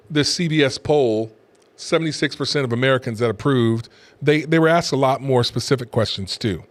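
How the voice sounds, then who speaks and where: A man, a pastor hosting a show, giving emphatic political commentary to camera, repeating his points with scornful asides. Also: mid-range voice. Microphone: camera facing speaker.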